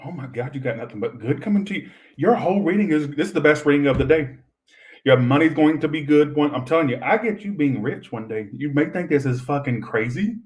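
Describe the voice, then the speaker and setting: A man's voice: on the high side, animated, a little fast, a little mellow, poor audio. A young man giving a chatty, rambling live-stream tarot reading, swearing freely and talking straight to his viewers. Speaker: tarot reader.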